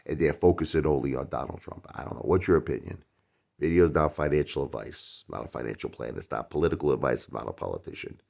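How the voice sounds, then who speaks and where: A middle-aged man hosting his own channel, talking casually in a rhetorical opinion monologue that swings from loud outbursts to muttered asides. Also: a bass voice, fast talker, vocal fry. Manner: animated, rhetorical, jumps between loud and mumbled asides. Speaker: YouTube channel host.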